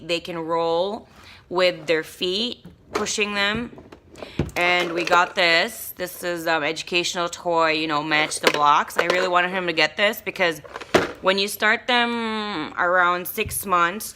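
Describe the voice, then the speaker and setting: A woman's voice: on the low side, noisy background. A young woman chatting casually in a haul vlog, rambling with lots of ums and likes. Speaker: vlogger.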